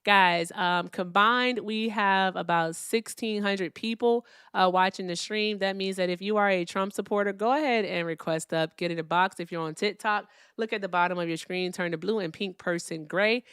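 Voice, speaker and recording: A woman hosting a political call-in livestream, speaking in a relaxed, profane, wry way as she reads out donor messages and thanks viewers. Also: mid-range voice, normal speed, few pauses, smooth, dry recording, studio quality. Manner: speaks softly, not loudly. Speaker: livestream political debate host. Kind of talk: casual livestream chat.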